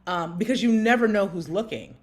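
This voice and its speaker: A woman in her thirties co-hosting a podcast, telling a story in lively conversation and acting out the voices of people she quotes. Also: brisk. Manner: animated, acts out quotes with big pitch jumps. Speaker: podcast co-host.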